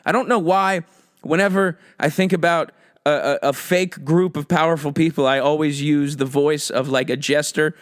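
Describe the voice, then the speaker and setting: A man hosting a podcast, ranting sarcastically about politics in a profane, animated comedic style. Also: fairly high pitch, normal speed, clean tone, no room sound, studio quality. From United States. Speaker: podcast host.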